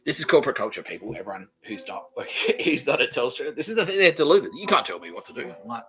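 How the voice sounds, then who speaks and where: Man, podcast host, sharp bright tone, sweary rambling monologue, loud-to-muttered swings. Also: medium pitch, very animated, fast, hardly any pauses, poor audio.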